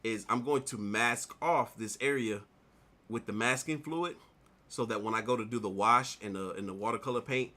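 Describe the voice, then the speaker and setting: Bright-voiced man rambling through a story. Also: mid-range voice, normal speed. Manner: rambling, animated retelling with repeated "like". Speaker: artist vlogger. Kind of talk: casual storytelling while drawing.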